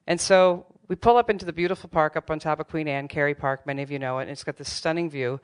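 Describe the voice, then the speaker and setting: A woman's voice: deep voice, fast, clear, resonant tone. A middle-aged woman telling a true personal story on stage, candid and wry, with self-deprecating humor. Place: theater stage before a live audience.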